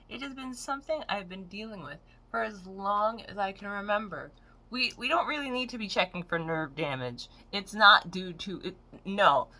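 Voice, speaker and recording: A woman's voice: mid-range voice, sharp tone. A woman in her late twenties ranting frankly and with plenty of swearing in a casual vlog. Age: 20s. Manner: frank, profane, exasperated storytelling. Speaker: vlogger. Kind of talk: casual rant to camera.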